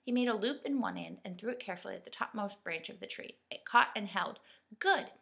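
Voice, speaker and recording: A woman reading a children's storybook aloud in a lively, expressive way. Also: medium pitch, quick pace, gravelly, husky. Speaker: reader. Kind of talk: storybook narration.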